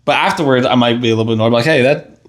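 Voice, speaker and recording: A man's voice: mid-range voice, rapid-fire. A young man co-hosting a podcast, chatting casually in a laid-back, teasing way and laughing easily. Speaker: podcast co-host. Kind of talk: casual chat.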